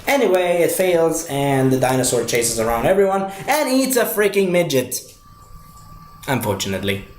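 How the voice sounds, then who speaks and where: A man's voice: a little high, very animated, moderate pace, a little mellow. A man casually reviewing a movie, rambling with many fillers and restarts. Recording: echoey room with faint noise.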